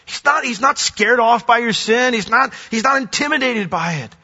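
A man's voice: very high-pitched, expressive, normal speed, sharp tone, husky. An older man preaching a sermon as a pastor, earnest and conversational. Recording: dull reverberant hall.

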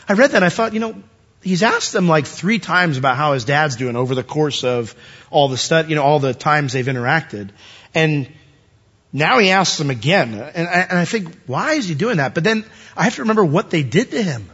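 A man preaching a sermon, telling the story with animated asides and acting out the characters. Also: on the high side, moderate pace, husky. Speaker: pastor. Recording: dull lo-fi sound.

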